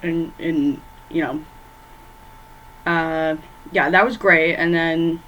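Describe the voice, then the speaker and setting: Woman rambling casually, low voice. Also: fairly even intonation, slow pace, a bit bright, slight background noise, rough recording. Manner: rambling, filler-heavy, loses track of names. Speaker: movie vlogger. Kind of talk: casual movie ranking chat. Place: her bedroom.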